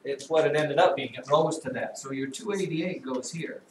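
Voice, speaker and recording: A man with a slightly high voice speaks at a normal speed, teaching a classroom math lesson and guiding students through a problem with dry, teasing asides. The recording comes from an echoey classroom, his voice distant, with noticeable noise.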